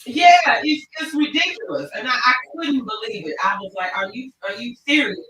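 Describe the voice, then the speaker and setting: Woman host, bright and forceful tone, recorded from a distance in a very echoey room. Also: on the high side, normal speed. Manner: animated, expressive storytelling. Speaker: talk show host. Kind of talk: livestream casual chat.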